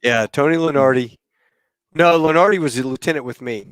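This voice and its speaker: A former Marine pilot hosts a casual podcast, animatedly telling old flying stories and acting out radio calls and cockpit talk. His voice is medium-pitched, clear and resonant, fairly quick, with no echo.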